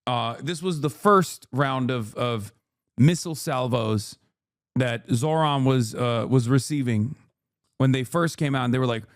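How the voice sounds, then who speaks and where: A man's voice: mid-range voice, measured pace, dry recording, studio quality. A man giving heated political commentary as a streamer, exasperated and swearing often.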